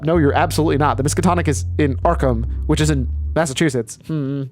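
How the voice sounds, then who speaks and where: A man's voice: a little high, quick pace, few pauses, a little mellow. A man casually and wryly commenting while playing through a game. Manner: casual, wry. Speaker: gaming video host. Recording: faint music behind.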